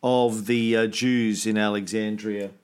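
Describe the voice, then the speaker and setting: A man's voice: fairly low pitch, little pitch movement, a little slow, darkish tone, clear, resonant tone. A man hosting a casual history podcast, explaining at length, reading quotes aloud and joking. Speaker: podcast host telling Roman history.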